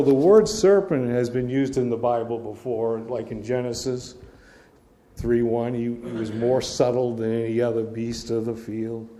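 Middle-aged male Bible teacher with a warm, mellow tone who reads verses and then chats about them. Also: mid-range voice. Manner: reads scripture aloud then explains it in a casual, storytelling way.

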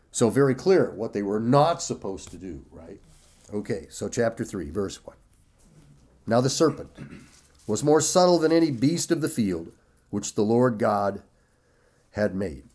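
A man preaching a sermon, slow and emphatic, stressing and repeating key phrases while reading scripture aloud. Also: medium pitch, a little mellow. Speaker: pastor.

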